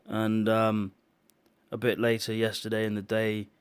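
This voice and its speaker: A man's voice: fairly low pitch, monotone, smooth. A man recounting a dream as a personal testimony for his video channel, speaking earnestly and emotionally with frequent restarts and fillers. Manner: halting, with many restarts and fillers; emotional, solemn. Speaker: video maker sharing visions.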